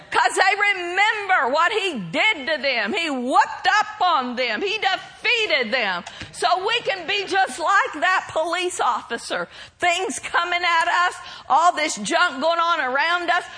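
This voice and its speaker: A woman preacher delivering a sermon, bold and emphatic, breaking into shouted declarations. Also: high-pitched, expressive, slow.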